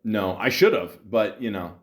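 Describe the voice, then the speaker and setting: A man with a fairly low voice talks alone on his podcast in a loose, rambling monologue. He swears freely, chuckles often and keeps restarting his sentences. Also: moderate pace. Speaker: podcast host. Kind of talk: casual solo podcast monologue.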